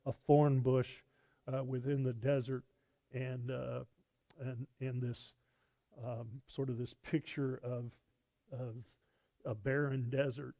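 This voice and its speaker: A male pastor teaching a sermon in a conversational way, pausing often with fillers and restarting phrases. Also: medium pitch, vocal fry, warm tone, no echo. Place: church sanctuary.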